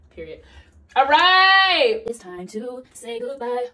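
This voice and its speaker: A woman's voice: fairly high pitch, sing-song, takes it slowly, pushed and bright, rough recording. A young woman chatting playfully to camera in a casual vlog, often from her car. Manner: chatty and playful, bursts into song. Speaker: vlogger.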